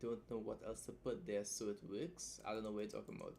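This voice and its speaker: A young writing streamer, exhausted after a long night, talks fast and loosely about editing, often finishing thoughts with "right?". His low voice is gravelly and mellow, and his delivery is flat. There's a slight hiss or hum on the track.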